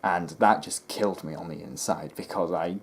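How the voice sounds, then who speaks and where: A man with a deep, low voice talks straight to his viewers in a loose, rambling way. He sounds exasperated, with plenty of ums, false starts and restarts. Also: normal speed, breathy edge. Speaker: history video host. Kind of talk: casual rambling commentary to camera.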